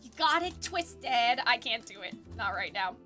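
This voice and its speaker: A young woman hosting a casual livestream discussion, animated and giggly, rambling with lots of fillers. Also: on the high side, unhurried, soft background music. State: sore throat. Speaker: streamer host.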